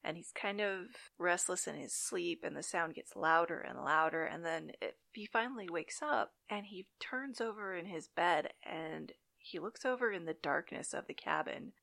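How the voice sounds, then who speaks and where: A woman's voice: fairly low pitch, moderate pace, creaky, hardly any pauses, fairly bright tone. A woman chatting casually and dramatically as she recaps a TV episode, with wry asides.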